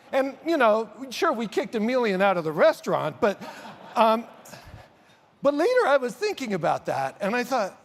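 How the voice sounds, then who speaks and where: A man emceeing a large conference on stage, telling an animated story with big swings in loudness. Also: very high voice. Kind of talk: onstage conference speech. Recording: reverberant hall sound.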